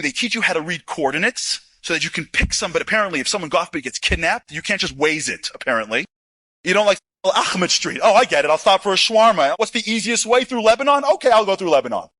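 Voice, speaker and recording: A man telling a story to an audience, acting out the dialogue as he goes, swinging from hushed asides to excited shouting, with a lot of "like" and "you know.". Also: on the high side, no room sound. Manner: conversational, with frequent "like" and "you know". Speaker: inspirational speaker. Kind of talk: animated storytelling talk.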